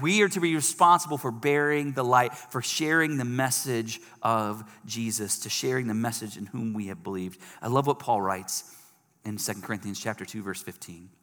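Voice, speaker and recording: A man's voice: mid-range voice, brisk, fairly bright tone. A man preaching a sermon in a big hall, his voice carrying a long reverb tail. He talks with animation and breaks into raised voices when he acts out what people say.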